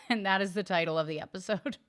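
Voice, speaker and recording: Teasing woman podcast host, deadpan. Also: mid-range voice, a little fast. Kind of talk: casual comedic chat. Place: studio.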